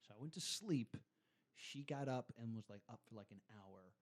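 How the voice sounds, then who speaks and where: A man in a casual podcast chat, telling a personal story in a voice that rises and falls widely. He swears freely and acts out the lines of the people in his story. His pitch sits in the middle for a man. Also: moderate pace. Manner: animated, swears, mimics voices in his anecdotes. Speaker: podcast guest.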